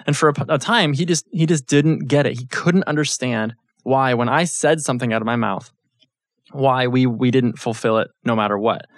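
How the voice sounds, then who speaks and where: A man's voice: mid-range voice, normal speed, dry recording, studio quality. A man in his thirties giving a casual Bible teaching, telling a family story and often checking in with his listeners. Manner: conversational, storytelling, frequent check-ins with listeners.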